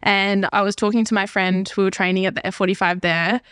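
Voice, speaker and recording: A woman's voice: medium pitch, brisk, clear, resonant tone, no echo, clean studio sound. Young woman telling her story. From Australia. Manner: candid, animated storytelling with laughs. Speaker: guest. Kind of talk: personal story in a podcast interview.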